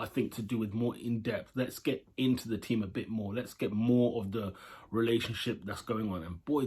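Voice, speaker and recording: A young man with a husky, slightly rough voice talks through an episode review in a casual, rambling way. He gives his opinions freely and keeps the tone chatty and informal. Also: medium pitch, a little mellow. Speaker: show reviewer.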